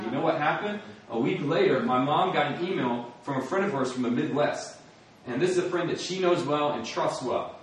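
A young man with a mid-range voice gives an earnest testimony sermon, telling his story and acting out his prayers with laughs. It's recorded from far off in an echoey hall, with slight background noise.

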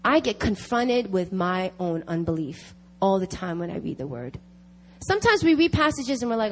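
A woman's voice: medium pitch, very animated, moderate pace. A woman giving an emphatic sermon at a prayer meeting, repeating key phrases to drive them home. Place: church meeting.

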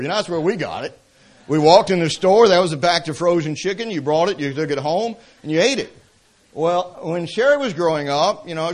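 A man with a Southern American accent from Atlanta, preaching a sermon as pastor, mixing emphatic exhortation with storytelling asides. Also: on the high side. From Atlanta, Georgia, US. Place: church service.

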